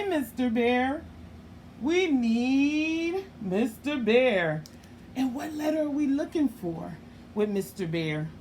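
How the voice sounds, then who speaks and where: A woman who teaches young children, walking them through letter sounds with playful questions and drawn-out sounds. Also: a little high, slight background noise. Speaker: early learning teacher.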